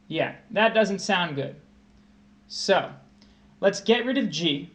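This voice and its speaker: A man's voice: sits high, expressive, takes it slowly, pauses often. A young man tutoring test prep on a livestream, walking through a grammar question and thinking aloud with restarts.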